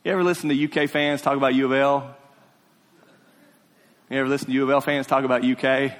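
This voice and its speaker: A male pastor delivers a sermon to his congregation in a church sanctuary, the hall's long reverb trailing his words. Using a mid-range voice and level tone, he repeats phrases, asks questions, and shifts between quiet, stretched-out lines and rising, forceful ones.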